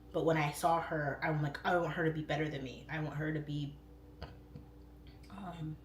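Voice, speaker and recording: A middle-aged woman hosting a livestream, rambling casually and swooping into high voices when she quotes herself. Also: roomy sound, slight background noise. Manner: chatty, rambling, warm-hearted talk with frequent "like" fillers. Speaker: livestream host. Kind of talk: casual chat. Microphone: phone or webcam.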